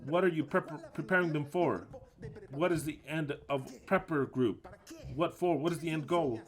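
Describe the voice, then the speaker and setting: A man preaching an angry rant, his fairly high voice swinging between low, muttered asides and loud outbursts. He mocks his listeners and swears freely as he lectures them. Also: moderate pace.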